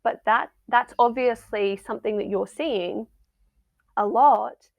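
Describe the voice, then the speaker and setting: A middle-aged woman with a gravelly, creaky edge to her voice talks casually as a podcast guest. She acts out little everyday scenes in quoted voices. The recording is close and dry. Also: on the high side, takes it slowly, no echo. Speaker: wellbeing and mindset coach, guest.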